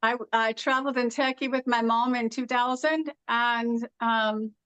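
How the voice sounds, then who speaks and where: Woman w/ a high voice, foreign-ish accent that rolls some r's irish style, sing-songy, chatty, dry close sound. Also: steady tone, a little slow, a bit bright, clear, resonant tone, no room sound, poor audio. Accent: foreign-sounding accent with Irish-like R's in some words. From Southern California. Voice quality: sing-song lilt. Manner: chatty storyteller, with frequent fillers. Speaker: guest. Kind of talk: casual conversation.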